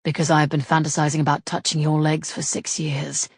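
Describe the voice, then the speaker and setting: A woman reading the lines of a grave, teasing male rogue in a measured, dry manner. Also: sits low, level tone, slightly rough, no room sound, exaggerated voice.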